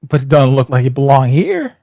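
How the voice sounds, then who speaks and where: A man's voice: medium pitch, huge pitch swings, fairly quick, creaky, warm tone, no echo. A man co-hosting a casual reaction chat, blunt and wry in a laid-back way. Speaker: co-host reacting to a trailer.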